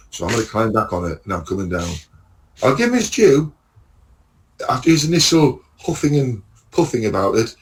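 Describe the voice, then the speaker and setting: Sweary lorry driver telling stories. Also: male voice, fairly low pitch, low-quality recording. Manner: animated storytelling, acts out dialogue, swears freely. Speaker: lorry driver and podcast guest. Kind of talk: casual chat.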